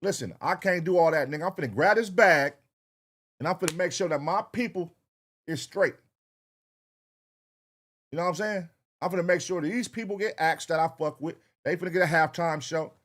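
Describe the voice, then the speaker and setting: A man's voice: a little high, a little fast, pauses often, a bit bright. A man hosting a reaction show, talking casually and profanely straight to his viewers.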